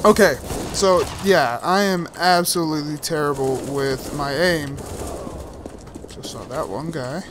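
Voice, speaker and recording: A man giving live commentary on his own shooter game, excitable and self-mocking, who breaks into sudden whoops and cheers. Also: fairly high pitch, measured pace, background noise. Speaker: gaming YouTuber. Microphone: desktop USB microphone. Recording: game gunfire loud behind voice. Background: shooter game gunfire and effects.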